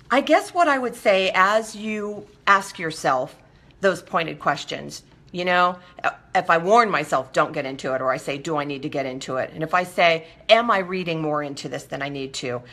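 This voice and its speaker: A woman hosting a talk show, her voice bright and forward, with a wide, lively swing in pitch. She talks in a chatty way and acts out quoted exchanges. She keeps asking her listeners whether they follow. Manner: animated, acts out little dialogues in quotes; conversational, checks in with listeners. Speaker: host. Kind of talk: talk show monologue on recovery.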